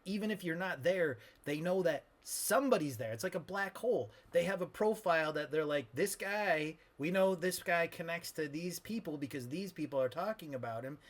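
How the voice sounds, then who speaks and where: A man's voice: on the high side, animated, normal speed, few pauses. A man doing a cranky Southern old-timer. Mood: grumbling. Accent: put-on old-timey Southern. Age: older. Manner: rambling, grumbling, crude. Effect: old-man voice filter. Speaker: podcast co-host. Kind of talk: comedic old-man podcast banter.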